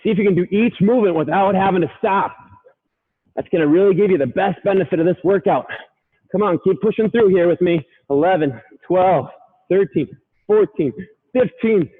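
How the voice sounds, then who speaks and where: A man's voice: sits high, normal speed. A man coaching a workout, upbeat, counting reps and urging listeners on, sometimes out of breath. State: out of breath at times. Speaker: fitness coach. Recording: tinny phone-like sound.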